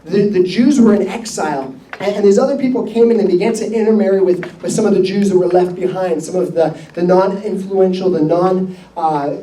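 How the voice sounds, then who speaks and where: A man, a pastor, telling a story in a conversational, animated sermon with laughs. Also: high-pitched, brisk, a little hiss or hum. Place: church hall. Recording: roomy echo, mic at a distance.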